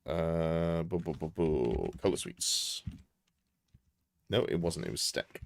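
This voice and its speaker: A man's voice: extremely low pitch, animated, slow pace, gravelly. A man reviewing a tabletop army list on a live stream, thinking aloud, correcting himself and chatting to viewers. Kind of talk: casual live-stream commentary.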